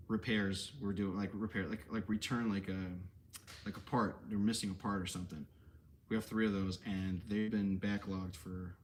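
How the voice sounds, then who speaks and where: Rambling low-voiced man answering questions. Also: slight background noise. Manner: rambling, self-correcting, casual slang. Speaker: collectibles shop owner hosting a Q&A. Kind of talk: casual livestream Q&A.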